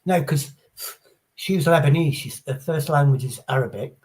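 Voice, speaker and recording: A middle-aged Englishman hosts a livestream, chatting casually in a blunt, sweary, rambling way. His voice is a little high and a little mellow, at a moderate pace. Faint background noise sits under the recording.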